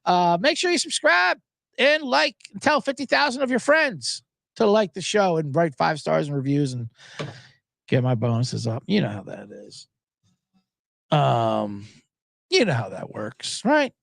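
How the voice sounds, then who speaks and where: Animated high-voiced man ranting. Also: unhurried, vocal fry, dry recording, clean studio sound. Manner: animated, swearing, acts out voices in quotes. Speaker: sports betting podcast host. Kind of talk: ranting casual monologue.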